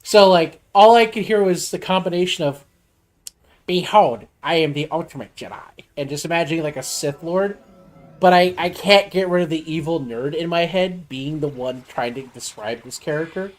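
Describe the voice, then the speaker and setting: A man's voice: fairly high pitch, normal speed. A man streaming, chatting casually in a rambling, nerdy, teasing way. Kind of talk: casual chat.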